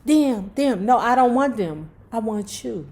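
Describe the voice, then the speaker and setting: A woman voicing a frightened young woman, high and flustered, pleading her way out. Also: expressive, a little slow, a little mellow.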